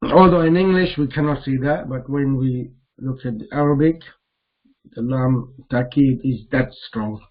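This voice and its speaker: A man teaching Arabic grammar in a classroom lesson, explaining slowly and repeating the words he recites. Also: mid-range voice, narrow, tinny audio.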